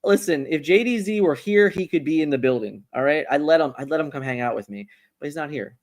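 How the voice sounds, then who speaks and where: A man's voice: fairly high pitch, fast talker. Rambling male livestream host. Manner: rambling, repeats words, animated. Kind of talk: casual livestream chat.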